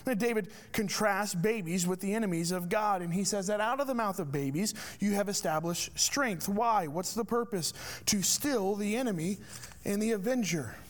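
A man with a fairly high voice delivers a sermon from the pulpit. He leans on rhetorical questions and presses each point with emphasis. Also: moderate pace. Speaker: pastor.

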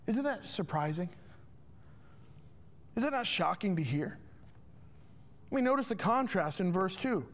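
High-voiced man preaching a sermon. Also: expressive, moderate pace, pauses often. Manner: rhetorical questions, emphatic preaching. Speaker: pastor.

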